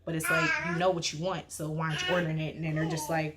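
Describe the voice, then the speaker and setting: Young woman vlogger, casual storyteller, slangy and animated, faint room noise. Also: deep voice, fast. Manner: slangy, animated, heavy use of "like".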